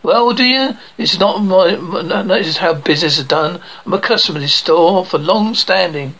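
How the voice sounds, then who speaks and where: A man's voice: high voice, normal speed, fairly bright tone, poor audio. Blustering, short-tempered family man. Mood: indignant. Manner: blustering, swearing, indignant. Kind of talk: animated series acting.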